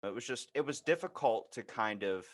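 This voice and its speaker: Podcast host, chatty and animated, does little voices for quotes, middle pitch. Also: male voice, moderate pace. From United States. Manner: animated storyteller, acts out quotes. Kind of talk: casual chat.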